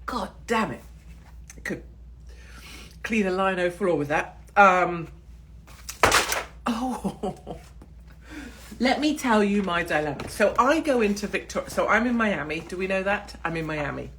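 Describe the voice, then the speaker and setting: A woman's voice: medium pitch, animated, normal speed, a bit bright, slight background noise. Blunt, profane English woman ranting. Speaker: channel host. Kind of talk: casual rant to camera. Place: in Miami.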